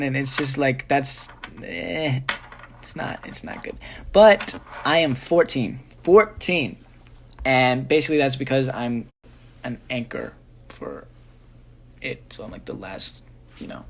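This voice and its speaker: Yawning and drowsy, a young man who sings chats with fans on a phone livestream, answering their questions in a loose, rambling way full of fillers. His voice runs on the high side, and there's a faint hiss or hum in the audio.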